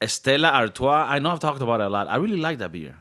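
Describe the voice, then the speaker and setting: A man's voice: medium pitch, sing-song, racing, a bit bright. Young male podcast co-host, rambling joker, casual and profane. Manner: rambling, joking, swears a lot. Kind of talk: casual banter.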